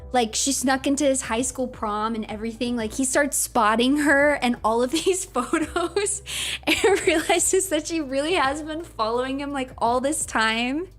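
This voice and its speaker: A woman streamer chatting casually, telling a story in a giggly, animated way, with faint music behind. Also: high-pitched, unhurried. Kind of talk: casual chat.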